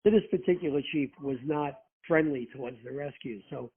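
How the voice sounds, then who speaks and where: This guest, a man who used to be a rescue firefighter, shares profane stories in casual conversation, acting out quotes with animation. His voice is a little high with a breathy edge, and he speaks at normal speed through a phone that makes the line tinny.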